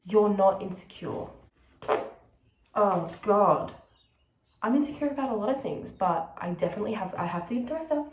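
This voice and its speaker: A woman's voice: fairly low pitch, darkish tone. Frank, rambling young Australian woman. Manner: rambling, frank and sweary, shifts into quick put-on voices. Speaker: vlogger. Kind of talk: casual chat to camera. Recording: echoey room with faint background noise.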